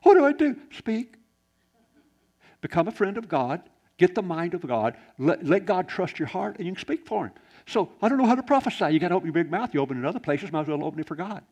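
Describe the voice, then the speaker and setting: Male pastor, gravelly tone, swings from loud bursts to near-whispers, sermon delivery. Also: on the high side, fast talker, dull audio. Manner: animated preaching, swings from loud exclamations to hushed quiet.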